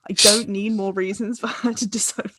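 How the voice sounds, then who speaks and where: A woman's voice: mid-range voice, very noisy. A young woman co-hosting a casual chat podcast, rambling and laughing partway through her sentences. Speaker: podcast co-host.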